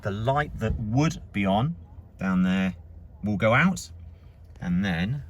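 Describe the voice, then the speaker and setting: Man, dealership presenter, lowish voice, walks viewers through car settings step by step, inside a car. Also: expressive, takes it slowly, a little hiss or hum. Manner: plain step-by-step explaining while pointing things out. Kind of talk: casual how-to demonstration.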